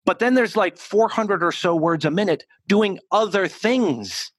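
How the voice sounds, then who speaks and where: An American man in a podcast interview, coaching on speech, talking in an animated and emphatic way with frequent restarts. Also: high voice, a little slow, no echo. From United States. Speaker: communication coach, guest.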